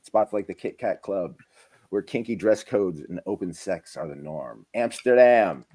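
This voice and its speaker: A man hosting a casual podcast chat, animated and jumping between loud bursts and low mumbles. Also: moderate pace, husky, poor audio. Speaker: podcast host.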